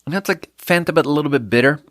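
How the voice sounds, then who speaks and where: A man's voice: a little high, quick pace, a bit bright, no room sound, clean studio sound. A man hosting a solo podcast, chatting casually in a rambling, self-deprecating way that trails off and restarts. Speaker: podcast host.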